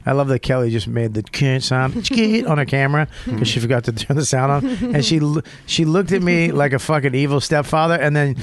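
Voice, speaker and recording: A man's voice: medium pitch, animated, a little fast, few pauses, no room sound. A man hosting a podcast, bantering casually with laughter and swearing. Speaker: podcast host. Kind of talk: casual chat.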